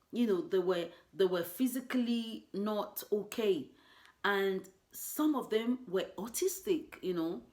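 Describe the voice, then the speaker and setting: A Nigerian woman with a medium-pitched voice, a mother, shares a personal story earnestly and emotionally. She peppers it with lots of "you know" asides.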